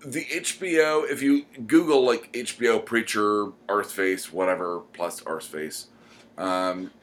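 A man co-hosting a podcast, chatting casually and rambling with many pauses. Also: on the low side. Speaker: podcast co-host. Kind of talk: casual chat.

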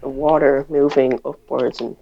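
Low, gravelly teen girl co-host. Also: fairly even intonation, moderate pace, dull audio. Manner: short, hesitant answers. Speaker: podcast co-host. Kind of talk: casual chat.

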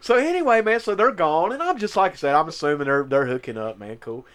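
A man's voice: on the high side, animated, fast, a bit bright, clear, resonant tone. A man, co-hosting a podcast and telling a wild story with lots of laughter and swearing. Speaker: podcast co-host. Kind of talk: casual storytelling chat.

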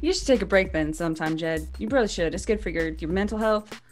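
A woman's voice: fairly low pitch, lively intonation, fast talker, soft background music, natural voice. Woman playing a hesitant, polite rent collector. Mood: awkward politeness.

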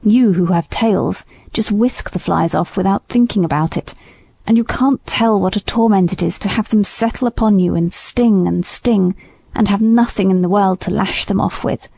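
A woman voicing an indignant old male horse who speaks low and gravely. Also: moderate pace, mellow, no echo.

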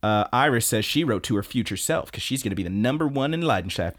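A man hosting a podcast, casually retelling scenes and breaking into excited asides. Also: mid-range voice, fast. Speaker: podcast host. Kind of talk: casual episode recap.

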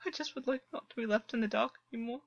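A woman's voice: medium pitch, normal speed, husky, no echo, dull audio, close to an everyday voice. A woman voicing a tormented male water-horse fae. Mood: fragile. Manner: frantic, broken pleading.

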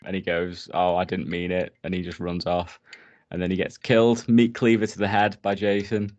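Male host, low-pitched, chatty and giggly, casual film recap on a dull, dry lo-fi mic. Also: level tone, normal speed, darkish tone, dry recording. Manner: giggly, chatty, swears freely.

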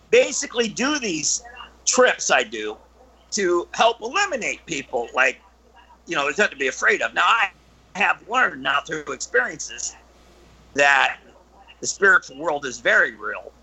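A man guest telling stories in casual chat, halting with many fillers and restarts, and animated when he gets into the story. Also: on the high side, vocal fry, husky, low-quality recording.

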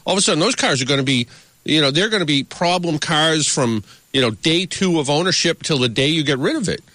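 A man's voice: a little high, expressive, fairly quick, bright, forceful tone, dry recording. A man hosting a car talk radio show, chatting loosely with a guest and leaning on fillers. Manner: chatty, rambling with many "you know" fillers. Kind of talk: casual radio interview.

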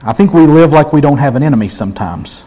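A man preaching a sermon, emphatic, swinging between loud exclamations and hushed intensity. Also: a little high, lively intonation, quick pace, poor audio.

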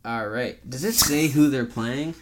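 A man's voice: mid-range voice, measured pace, a crowd in the background. Rambling, jokey man co-hosting a podcast. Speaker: podcast co-host. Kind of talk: casual chat.

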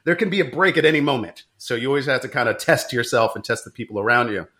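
A man's voice: medium pitch, animated, fast, sharp tone. A man playing a brusque male agency boss who recruits a new agent, in an improvised comedy skit. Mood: teasing. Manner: bossy, teasing, playful.

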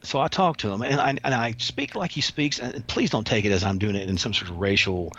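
A former prison officer spins rambling, folksy stories, stumbling over restarts and dropping slang as he goes. His voice sits low and has a husky edge. The recording sounds muffled and lo-fi. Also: a little fast, fairly bright tone. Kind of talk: casual podcast storytelling.

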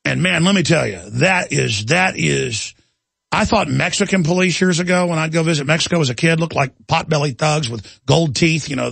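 A man's voice: a little high, gravelly, fairly bright tone, slightly rough, dry recording. A man, hosting talk radio and telling an indignant story in a rant.

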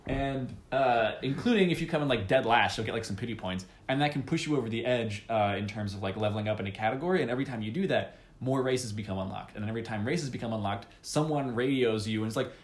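A man's voice: mid-range voice, quick pace, hardly any pauses. A man in casual conversation who tells stories in long, rambling runs. He is full of fillers and restarts, and he breaks into laughter and silly quoted voices. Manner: rambling, animated storytelling with put-on quotes and laughs. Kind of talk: casual chat.

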